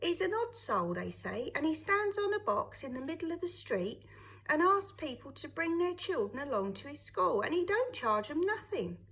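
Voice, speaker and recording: Lady reading as a wheezy chatty girl, lively sing-song voice, kind. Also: high voice, normal speed, pitched above the performer's own voice, full character voice. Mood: eager. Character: breathless kindly working girl.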